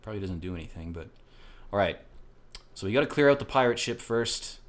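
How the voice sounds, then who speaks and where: A man hosting a let's play, rambling through casual, profane gameplay commentary with excitable outbursts. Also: lowish voice, brisk.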